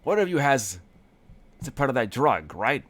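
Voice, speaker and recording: A man voicing a flustered, overly dramatic schemer in a tabletop game, pitching his voice up and pushing it louder. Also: very animated, moderate pace, dry recording. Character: pompous flustered man posing as not a cop.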